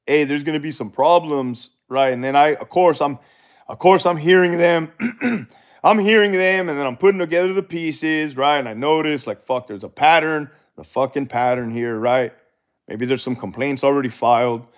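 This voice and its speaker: A former corrections officer hosts a livestream, casually answering viewer questions with blunt, profane, laid-back storytelling. His voice is a little high at a normal speed, and the livestream audio is dull and lo-fi.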